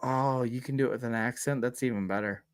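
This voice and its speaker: A man's voice: medium pitch, fairly even intonation, fast, crowd noise. A man from Minnesota co-hosting a casual podcast, laughing often and swearing casually. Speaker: co-host.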